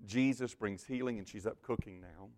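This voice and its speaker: Pastor guy preaching a sermon, talks right at the congregation, drops to near whispers then gets loud and emphatic. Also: on the low side, normal speed. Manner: direct address to the congregation.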